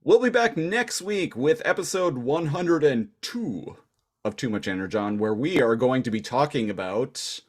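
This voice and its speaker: A man's voice: medium pitch, animated, unhurried. A Canadian man co-hosting a podcast, chatting in a laid-back, joking way over a video call. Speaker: podcast co-host. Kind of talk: casual chat.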